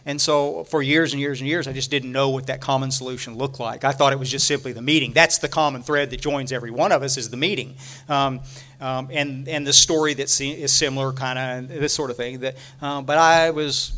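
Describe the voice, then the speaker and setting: A middle-aged man from Texas, giving a halting recovery share full of restarts and repeated words. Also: medium pitch, fairly even intonation, pushed and bright. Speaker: recovery speaker.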